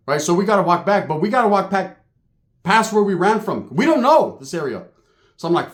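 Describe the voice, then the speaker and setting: Animated man telling profane stories. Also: sits high, a little fast. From Northern California. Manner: animated, slangy, acts out sound effects. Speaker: storyteller. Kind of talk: profane comedic storytelling.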